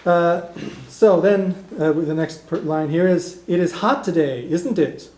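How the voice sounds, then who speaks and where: This man teaches a beginner language class, setting out each point step by step and modelling phrases slowly for repetition. His voice sits fairly high. The recording is roomy and echoey, as in a classroom. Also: a little mellow. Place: community classroom in a heritage house.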